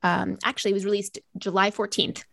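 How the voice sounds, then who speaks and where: A woman hosting a business podcast, reading a scripted intro and then leading the talk in an upbeat, measured way. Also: medium pitch, level tone, creaky, fairly bright tone, dry recording, clean studio sound. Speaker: podcast host.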